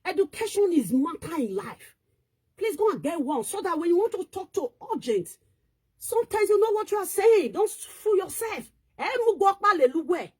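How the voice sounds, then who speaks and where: A woman's voice: very high-pitched, very animated, a little fast, a little mellow. A woman with a Nigerian Pidgin accent, ranting and scolding in casual online commentary, switching between languages.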